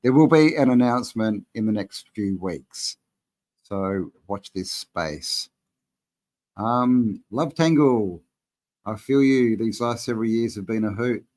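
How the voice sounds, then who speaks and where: A man hosting a live-stream Q&A, talking in a relaxed, rambling way and reading out viewers' chat messages. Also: fairly low pitch, slow pace. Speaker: channel host answering live chat.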